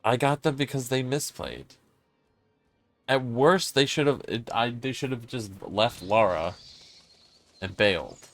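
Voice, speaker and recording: Guy streaming a horror game, cussing and confused, mid-pitch voice, just thinking out loud. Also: measured pace, long pauses, soft background music. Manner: frank, swearing, puzzled and self-critical. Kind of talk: casual gameplay commentary.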